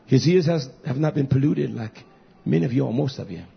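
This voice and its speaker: A man preaching a sermon to his congregation, repeating phrases and building to loud, high emphatic peaks. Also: expressive, a little fast, creaky, husky. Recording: dull lo-fi recording.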